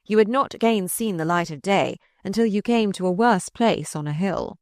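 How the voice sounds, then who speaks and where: A woman reading aloud voices a sardonic, malicious older male courtier who mocks in slow, drawn-out phrases. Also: mid-range voice, darkish tone, no room sound, studio quality, lightly acted. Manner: mocking, drawn-out.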